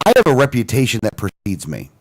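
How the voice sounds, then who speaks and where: A man's voice: mid-range voice, quick pace. A man co-hosting a radio talk show, animatedly retelling a phone call with many restarts and quoted lines. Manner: animated storyteller, lots of restarts and quoted dialogue.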